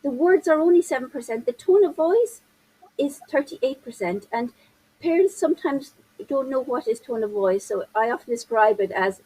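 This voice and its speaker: A woman's voice: sits high, expressive, normal speed, dark tone, breathy edge, poor audio. A woman in her fifties, a parenting coach, talking animatedly and gesturing with her hands as she explains in an interview. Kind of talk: interview conversation.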